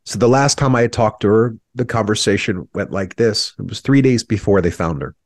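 A man's voice: fairly low pitch, moderate pace, no room sound, clean studio sound. Earnest man telling a painful story. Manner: earnest, reflective, voice breaking with emotion at times. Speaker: interview guest. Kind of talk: emotional personal storytelling.

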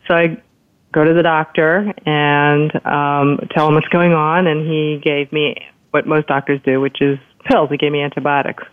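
A woman telling a personal story in a casual, lively way, acting out the people she quotes. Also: low voice, normal speed. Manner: lively retelling, acts out quoted doctors. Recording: tinny phone-line sound.

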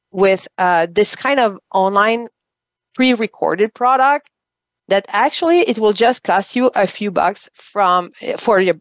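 French accented lady guest on radio, halting, searches for words, dry sound. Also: medium pitch, dry recording. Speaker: guest, online business coach. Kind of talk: radio interview.

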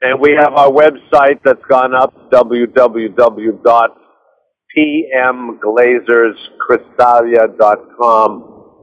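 A man's voice: mid-range voice, fairly even intonation, slow, dull audio. A man talking as a guest author on a call while driving, hesitant and rambling with many restarts. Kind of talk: phone interview.

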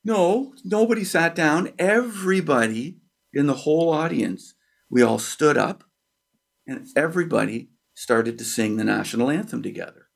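Animated Canadian man telling a childhood story. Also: on the high side, vocal fry. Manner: animated storyteller who acts out quotes and sound effects, with pauses and fillers. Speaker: guest, author and percussionist. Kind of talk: storytelling in a podcast interview.

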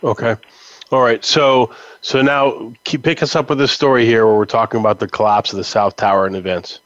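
Flat-toned male radio host, dry sound. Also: medium pitch, fairly quick, no room sound, dull audio. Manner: loose, with lots of fillers. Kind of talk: radio interview.

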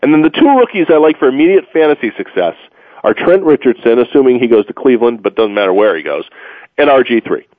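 A man's voice: medium pitch, big pitch swings, fast, no room sound. Guy hosting sports radio, rambly and jokey, tired, dry tinny phone-line sound. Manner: rambling, joking, with many fillers. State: tired from moving. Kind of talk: casual sports talk radio.

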